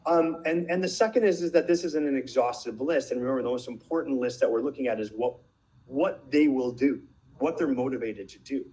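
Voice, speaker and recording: A man's voice: medium pitch, fairly quick, low-quality recording. A man in his thirties giving a conversational webinar talk to parents, telling stories with acted-out quotes and frequent restarts. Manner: animated storytelling with acted quotes and many restarts. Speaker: webinar presenter and coach.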